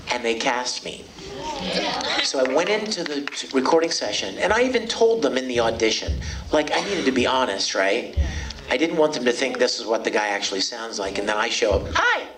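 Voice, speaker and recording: A middle-aged man, a voice actor at a convention panel, talking casually and playfully to fans on a handheld mic. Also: medium pitch. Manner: playful, joking, animated storyteller. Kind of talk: casual panel talk to a fan crowd. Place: convention hall stage. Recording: distant audience recording, noisy hall.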